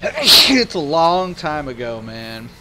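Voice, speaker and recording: A man streaming a game, chatting casually and excitedly with his viewers, with lots of restarts and fillers. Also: fairly high pitch, takes it slowly, slight background noise. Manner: rambling, excitable, talks back to chat. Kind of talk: casual live-stream chat.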